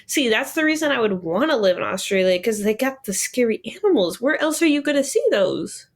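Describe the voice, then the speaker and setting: A woman's voice: a little high, very animated, brisk. A young woman co-hosting a casual podcast chat, talking loosely, laughing often and acting out the people she quotes. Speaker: podcast co-host.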